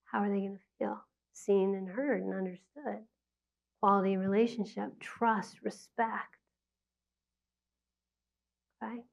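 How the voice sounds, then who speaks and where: A woman's voice: medium pitch, vocal fry. A woman giving a conversational public talk on parenting, acting out quotes from parents and children. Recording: dull lo-fi sound.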